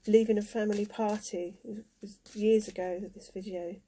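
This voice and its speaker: A woman giving a spiritual card reading, emotional and halting, with many fillers. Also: mid-range voice, steady tone, mellow, slight background noise. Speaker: tarot card reader.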